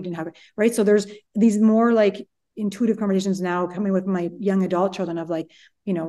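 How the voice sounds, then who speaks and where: A woman in her forties, a psychologist co-hosting a chat podcast, telling stories quickly and acting out what people said. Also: mid-range voice. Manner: quick animated storytelling, acts out quotes. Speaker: podcast co-host, relationship psychologist. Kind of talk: casual chat.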